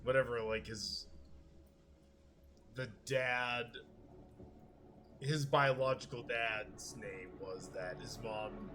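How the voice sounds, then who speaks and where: A man's voice: lowish voice, steady tone, slow, long pauses, sharp tone. A man hosting a casual chat, rambling and swearing, often laughing and acting out what people said. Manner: rambling, profane, laughs a lot, acts out quotes. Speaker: podcast host.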